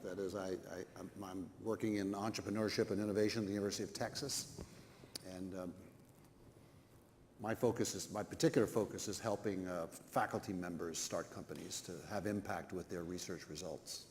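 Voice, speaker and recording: A man from New York with a New York accent, speaking wryly and haltingly on a university panel. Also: deep voice, steady tone. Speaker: professor, panelist. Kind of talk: panel discussion. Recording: reverberant hall, faint room noise.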